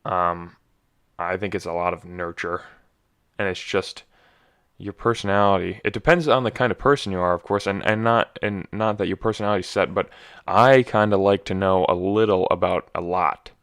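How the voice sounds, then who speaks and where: Young male podcast host, low and smooth, self-deprecating ramble, slightly scratchy voice. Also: fairly even intonation, moderate pace, a bit bright. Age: young adult. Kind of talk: casual solo monologue.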